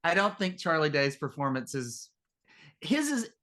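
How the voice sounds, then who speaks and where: Animated man critiquing movies. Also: a little high, a little slow. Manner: animated, laughing often, critical. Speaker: podcast co-host. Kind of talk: casual film discussion.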